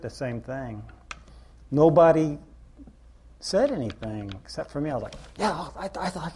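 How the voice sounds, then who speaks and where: Middle-aged male preacher, low-key and rambling, mellow husky tone. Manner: rambling, conversational, self-deprecating. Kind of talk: informal sermon.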